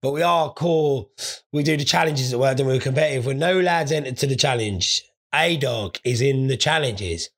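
A stoned man hosts a podcast, telling crude, sweary, rambling stories in a casual monologue. He speaks at a normal speed in a medium-pitched voice.

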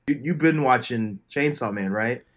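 A man's voice: mid-range voice, normal speed. A man co-hosting a podcast in casual chat, eager and slangy, often repeating himself. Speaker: podcast co-host.

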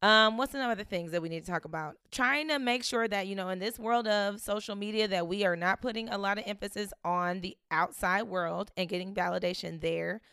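A woman's voice: mid-range voice, fairly quick, few pauses, a bit bright, clear, resonant tone, no room sound, clean studio sound. A woman, hosting a casual motivational talk, chatty and laughing often as she quotes herself talking to her kids.

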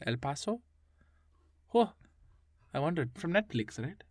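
A man voicing a confused, flustered interview guest from Toronto who speaks with a put-on strong accent, halting and repeating himself. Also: a little high, big pitch swings, fairly bright tone, no room sound, studio quality. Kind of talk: improvised comedy interview sketch.

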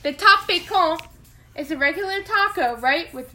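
Young woman podcast co-host, high bright voice, rambling, jokey. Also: animated, moderate pace, a little hiss or hum. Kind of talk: casual chat.

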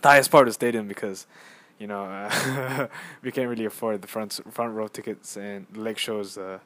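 A young man hosting a casual solo podcast on his phone, rambling and excitable as he tells a story with lots of fillers and restarts. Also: fairly low pitch, fairly quick. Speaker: podcast host.

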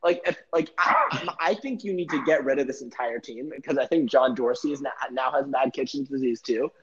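A man's voice: mid-range voice, animated, a little fast, very noisy. A young man hosting a casual sports podcast, rambling through jokey theories and swearing freely. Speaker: podcast host. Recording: muffled lo-fi podcast audio.

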